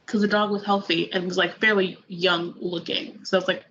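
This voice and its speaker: A woman's voice: fairly low pitch, flat delivery, brisk, few pauses, a bit bright. A young woman talks through a film on a casual review panel. She rambles, strings together "like" fillers and acts out her own reactions. The recording sounds a little dull, with faint noise underneath. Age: young adult. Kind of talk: casual movie review chat.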